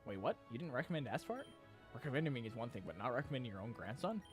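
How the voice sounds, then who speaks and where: Man voicing an easygoing teen boy, casual, quick, friendly, game voice. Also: mid-range voice, sing-song, faint music behind, pitched below the performer's own voice, natural voice. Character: easygoing teenage boy student, plain and friendly.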